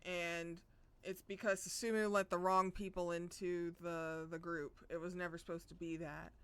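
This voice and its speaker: A woman's voice: on the low side, flat delivery, normal speed, fairly bright tone, smooth. Playful swearing woman streamer. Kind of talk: casual gameplay commentary.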